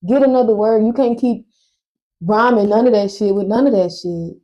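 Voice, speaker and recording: A woman's voice: mid-range voice, normal speed, warm tone, muffled recording. A young adult woman co-hosting a podcast in casual chat, blunt and profane, with fired-up opinions. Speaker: podcast co-host.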